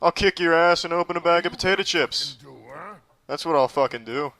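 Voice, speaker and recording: A man's voice: fairly high pitch, a little fast, a bit bright. A man giving crude, sarcastic gameplay commentary and talking trash to the enemies in the game. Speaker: gaming commentator.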